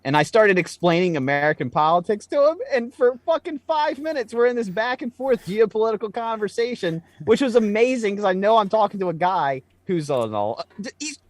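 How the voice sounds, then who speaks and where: A man co-hosting a casual podcast, telling stories with loose swearing and rising excitement. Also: sits high, brisk, few pauses, no echo. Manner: storytelling, swears freely, animated when excited. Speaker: podcast co-host.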